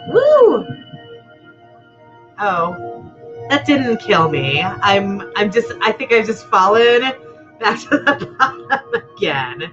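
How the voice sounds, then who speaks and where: A woman's voice: mid-range voice, big pitch swings, a little slow, dull audio, music in the background. A woman rambling and chatting to herself as she plays through a game. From United States. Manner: rambling and chatty, talks to herself while playing. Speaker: gamer playing through a game. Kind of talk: let's play commentary.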